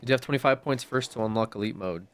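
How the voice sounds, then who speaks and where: A man's voice: on the low side, quick pace. A young man giving casual commentary while streaming a game, often exasperated and swearing.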